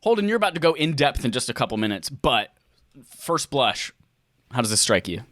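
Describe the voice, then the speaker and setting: A man's voice: mid-range voice, fairly quick, dry recording, studio quality. A man hosting a casual gaming podcast, joking around and reading news with playful asides. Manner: jokey, animated, reads news with playful asides. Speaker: podcast host.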